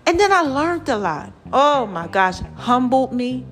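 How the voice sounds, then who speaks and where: A woman vlogger giving lively, preachy motivational talk straight to her viewers. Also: high-pitched, a little slow, soft background music. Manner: lively and preachy, calls viewers "child" and "y'all".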